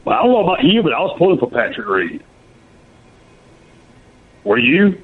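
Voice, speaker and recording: A man calls into a sports radio show, pressing his point hard and insistently. His voice is high for a man. It comes through a tinny phone line. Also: big pitch swings, moderate pace, husky. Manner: emphatic, argumentative, keeps saying "okay". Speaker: caller. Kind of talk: call-in radio talk.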